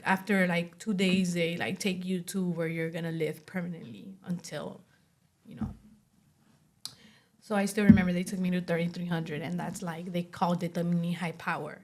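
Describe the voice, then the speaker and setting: A woman's voice: on the low side, steady tone, moderate pace. A woman in her late twenties, a podcast guest, telling her story casually with lots of "like" and acted-out quotes. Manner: chatty, fills speech with "like", acts out quoted dialogue.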